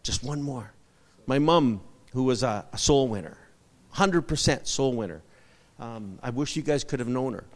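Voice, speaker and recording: A man's voice: mid-range voice, expressive, normal speed, hardly any pauses. Man preaching with long hall reverb. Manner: call-and-response preaching, asking for amens; repeats short emphatic phrases. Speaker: pastor. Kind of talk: sermon.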